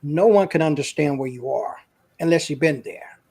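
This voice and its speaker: A man's voice: fairly high pitch, moderate pace, vocal fry, a little mellow, slightly rough. A man, a guest on an interview show, earnestly telling a personal story in a casual, emotional way.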